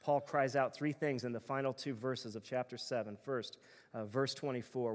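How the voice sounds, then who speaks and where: A man's voice: medium pitch, steady tone, a little slow, in a large hall. A male pastor preaching a sermon in an earnest, emphatic way, building his points through repeated phrases.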